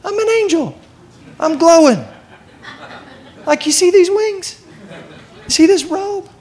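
A man's voice: very high-pitched, expressive, slow pace, darkish tone, pitched above the performer's own voice, heavily acted. A man voicing a proud, offended male angel in a mocking way during a sermon. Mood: indignant.

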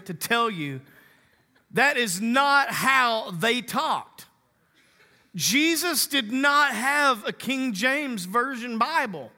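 A man's voice: very high voice, bright, forceful tone, big-room sound. A man preaching a sermon as a pastor, conversational and humorous, teasing his congregation.

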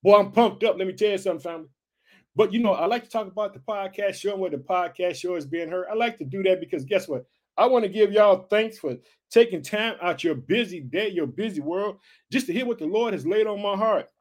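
A man's voice: sits high, expressive, a little fast. A man in his forties from the United States, hosting a preaching podcast with a fervent, repetitive style full of calls of hallelujah.

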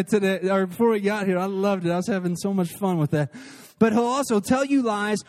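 A man in his thirties preaching a sermon at a church service, earnest and animated, with quick asides and slow, emphatic lines. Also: high voice. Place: church service before a crowd.

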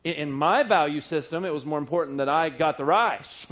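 A man preaching, telling a personal story in a sermon with lively acted-out quotes and frequent laughter. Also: fairly high pitch, a little fast. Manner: animated storyteller, acts out quotes, laughs often. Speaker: pastor. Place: church service.

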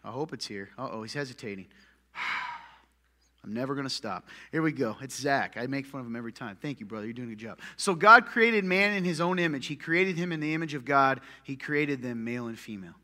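A man preaching a sermon as pastor, punchy and joking, swinging from loud calls to muttered asides. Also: medium pitch, expressive, fairly quick. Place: church hall with long reverb. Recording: echoey church hall.

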